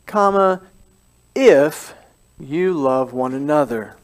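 A man with a high voice preaches to his church in a casual, animated way. He keeps throwing questions out to the people listening and repeats his main lines to drive them home. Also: takes it slowly. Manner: lively and conversational, asks the congregation questions and repeats key phrases. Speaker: pastor. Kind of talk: sermon. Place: church service.

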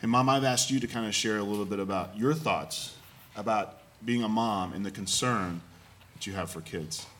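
A man's voice: moderate pace, a little hiss or hum. A man preaching a sermon, acting out quoted lines with big swings in his voice. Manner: animated, acts out quotes with big jumps in pitch. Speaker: pastor.

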